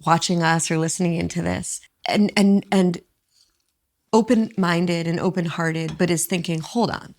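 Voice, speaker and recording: A woman hosting a podcast interview in her living room, asking questions in a thoughtful, halting way. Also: fairly low pitch, steady tone, darkish tone. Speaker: podcast host. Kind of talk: interview conversation.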